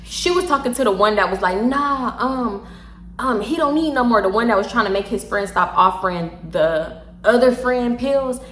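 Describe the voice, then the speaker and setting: Animated woman telling a story, bright voice. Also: a little high, moderate pace, slight background noise. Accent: Southern US, Houston. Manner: animated, slangy and profane, laughs often. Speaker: storytime vlogger. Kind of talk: casual storytelling to camera. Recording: echoey room.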